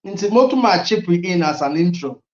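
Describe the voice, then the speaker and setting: A man's voice: high-pitched, fairly quick, echoey room, dull audio. A middle-aged man from Ghana with a Ghanaian accent, telling stories as an interview guest, mixing languages and laughing often. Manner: mixes languages, laughs often, animated storytelling. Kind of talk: casual interview talk.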